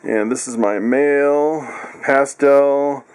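A man's voice: slow pace, clean tone. A man casually walking viewers through his animals in a vlog, chatty and laughing often. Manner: coos in high excited tones at pets. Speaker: vlogger.

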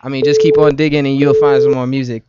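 A man's voice: mid-range voice, level tone, fast talker, heavy background noise. A young man, a guest musician, chatting casually on a radio talk show, laid-back with trailing fillers. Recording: dull lo-fi radio stream.

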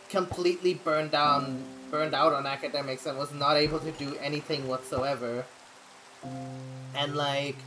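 A woman's voice: sits low, a bit bright. A young adult woman streaming, chatting casually and venting candidly, rambling with frequent laughs. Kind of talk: casual live-stream chat.

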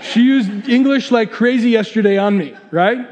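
A middle-aged man preaching a sermon in a church, telling stories with lively voices for the people in them. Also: high voice, normal speed, big-room sound, dull audio. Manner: animated storytelling, voices the people in his examples. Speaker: pastor. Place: church sanctuary.

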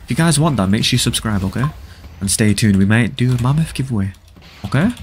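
A man's voice: mid-range voice, animated, fast, a little hiss or hum. A man hosting a casual live gaming stream, reading viewers' chat aloud, answering it and repeating short stock praise in a laid-back way. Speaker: livestream host.

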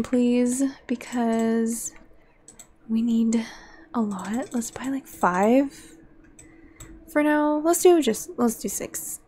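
A young woman casually commenting on her life-simulation gameplay, excitable and quick to gasp and laugh at what happens on screen. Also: fairly high pitch. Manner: excitable, gasping and laughing at the game. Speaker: let's play gamer.

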